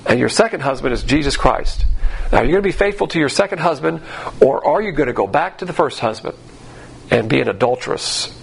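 A man's voice: mid-range voice, lively intonation, a little fast, creaky, slightly rough. A man teaching the Bible in a sermon, emphatic and sarcastic as he mocks the views he quotes.

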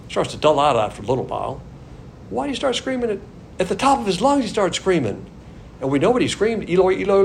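An older man from the American South teaching a Bible sermon, swinging between loud emphasis and quiet asides. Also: fairly high pitch, slight background noise. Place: Texas.

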